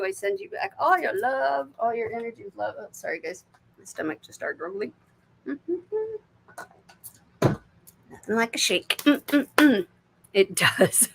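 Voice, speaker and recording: An American woman hosts a live stream of psychic card readings. Her talk is loose and chatty, full of laughs and cheerful swearing, with sudden soft murmurs when she turns to ask spirit for answers. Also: a little high, slight background noise. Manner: chatty, warm-hearted, laughs often, swears freely; drops to murmurs and whispers when asking spirit. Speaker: intuitive reader.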